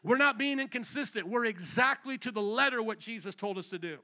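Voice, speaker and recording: In a church hall full of congregants, a male pastor preaches a sermon, leading call-and-response and putting questions to the room. His voice is extremely high, brisk, pushed and bright.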